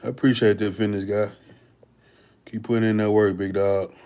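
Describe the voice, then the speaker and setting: A man's voice: lowish voice, flat delivery, moderate pace, darkish tone, smooth. A young man, a bodybuilder hosting a livestream and answering viewer questions in a laid-back, slangy way. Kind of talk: casual livestream Q&A.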